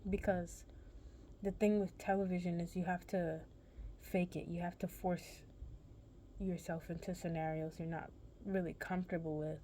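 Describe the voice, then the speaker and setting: A woman's voice: lowish voice, little pitch movement, normal speed, warm tone, a little hiss or hum. A young woman vlogger casually telling a personal story, rambling and correcting herself in a laid-back, chatty way.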